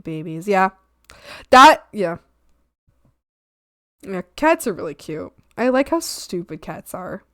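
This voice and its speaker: A woman's voice: mid-range voice, sing-song, takes it slowly, long pauses, no room sound, studio quality. A young woman chatting casually on her art stream, gushing and giggly, sliding into baby talk. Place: home streaming setup.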